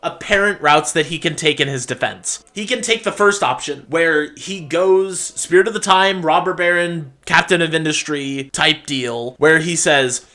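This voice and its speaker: Bright-voiced man explaining history. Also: a little high, moderate pace, few pauses. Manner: animated, joking asides. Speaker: video essay host.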